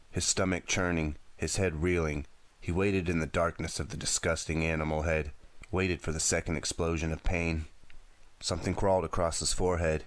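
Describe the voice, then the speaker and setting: A man reading a teen thriller audiobook aloud in a steady, dramatic storytelling manner. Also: extremely low pitch, dry recording. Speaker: audiobook narrator.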